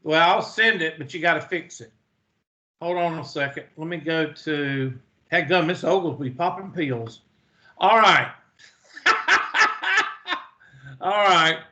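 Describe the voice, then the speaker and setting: A man's voice: fairly high pitch, sharp tone, a little hiss or hum. A man teaching a math class, folksy and joking, in a dull lo-fi classroom recording. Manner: folksy, joking asides, slow deliberate delivery. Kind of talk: classroom lecture.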